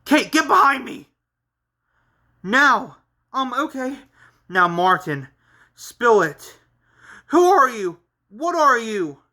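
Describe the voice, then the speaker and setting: A man doing a shouting desperate young hero. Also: very high voice, big pitch swings, unhurried, pitched above the performer's own voice, full character voice. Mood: angry. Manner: urgent, shouting. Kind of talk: amateur manga read-along voice acting.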